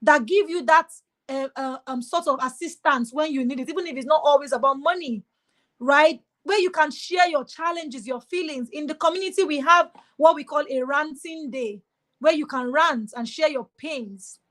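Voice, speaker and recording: A woman speaks in a high voice. She gives an emphatic, exhorting motivational talk on a webinar and drives her points home by repeating them. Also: normal speed, fairly bright tone.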